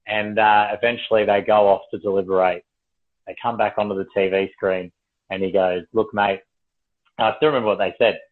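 Australian male comedian, anecdotal delivery, low register, phone-quality audio. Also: fairly even intonation, brisk. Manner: swearing, laughing, acting out quotes. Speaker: comedian telling a story. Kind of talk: casual storytelling.

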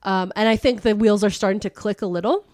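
A woman recounting a book's plot in loose, casual chat, with lots of "like" and "um". Her voice is at a middling pitch and comes across dry and close, with no room echo. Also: steady tone, quick pace, a little mellow. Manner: chatty, with many fillers, laughing and swearing. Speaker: podcast host. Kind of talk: casual book recap chat.

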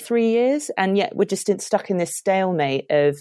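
A woman's voice: mid-range voice, lively intonation, normal speed, dark tone, clean tone, no echo, studio quality. A woman, a guest commentator calling in from her parents' house, ranting emphatically and sounding frustrated. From United Kingdom. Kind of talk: heated opinion chat.

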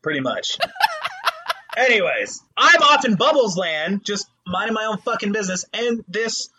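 A high-pitched male podcast co-host speaks a little slowly, telling casual stories full of swearing in an animated style. Background noise is audible.

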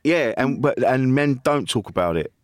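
A man's voice: medium pitch, animated, moderate pace, no echo, clean studio sound. A man hosting a podcast in casual chat, chatty and swearing freely, with many restarts. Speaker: podcast host.

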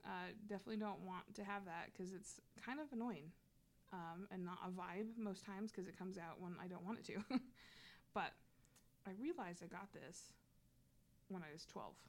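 A woman's voice: medium pitch, moderate pace. A young adult woman telling a personal story in casual chat, candid and slangy, swearing freely.

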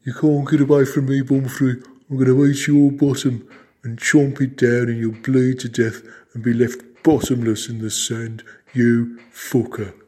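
A man's voice: mid-range voice, level tone, a little slow, warm tone, lightly acted. Man doing a camp Birmingham demon. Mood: taunting. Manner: camp, crude, taunting. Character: gloating male insect demon, crude.

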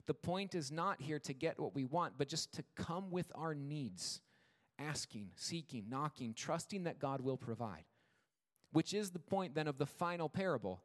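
A male pastor in his thirties preaching in a measured, earnest way, leaning on slow repeated words for emphasis. His voice sits a little high for a man. The sound carries the long reverb of a church hall. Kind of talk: sermon. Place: church sanctuary.

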